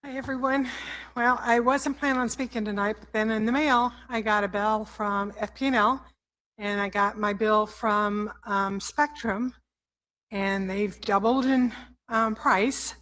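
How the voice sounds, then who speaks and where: An older woman speaks at a council podium microphone, her voice bright and sharp. She talks in an emotional, halting way and keeps apologizing. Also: on the high side, steady tone, rough recording. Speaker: public commenter. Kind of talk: public comment at a council meeting. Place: council chamber.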